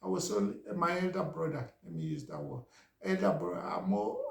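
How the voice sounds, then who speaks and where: A man's voice: high voice, big pitch swings, moderate pace, vocal fry, a little mellow. A middle-aged Nigerian man, a Yoruba speaker, telling a casual story in a chatty way and often asking "you understand?". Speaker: vlogger. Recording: roomy echo.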